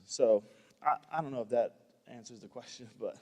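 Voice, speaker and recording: A man's voice: medium pitch, moderate pace, warm tone, in a large hall. A man on a church staff talking earnestly in a panel discussion, often repeating himself and restarting phrases. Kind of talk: heartfelt panel talk.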